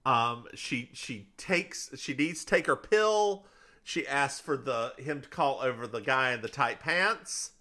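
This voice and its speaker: A man's voice: medium pitch, animated, measured pace, bright, forceful tone. A man co-hosting a podcast, playfully recapping a TV episode beat by beat. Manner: playful, recounting plot beat by beat. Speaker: podcast co-host.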